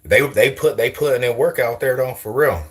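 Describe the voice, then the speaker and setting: A man's voice: mid-range voice, normal speed. A young man from Denver with an East Side Denver accent, talking casually and slangily to camera as a vlogger. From Denver, USA. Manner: slangy, loose, animated, laughs often. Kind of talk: casual street talk to camera.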